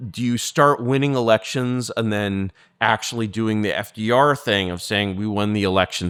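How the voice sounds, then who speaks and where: Interview guest, man, low smooth voice, digressive and filler-heavy, dry close sound. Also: fairly bright tone, dry recording. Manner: rambling, digressive, many fillers. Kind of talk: political interview.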